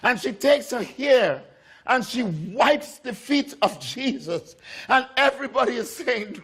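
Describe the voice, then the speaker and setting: A man's voice: extremely high pitch, animated, unhurried, fairly bright tone, husky. A man preaching a sermon, telling a story with repeated phrases and acting out the voices of the people in it. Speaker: pastor.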